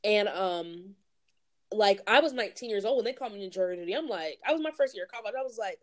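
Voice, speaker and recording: A young woman talks on a podcast in a blunt, ranting, slangy way. Her voice sits at an ordinary middle pitch. The sound is dry and close. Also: animated, racing, darkish tone, no echo. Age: 20s. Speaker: podcast co-host. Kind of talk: casual podcast chat.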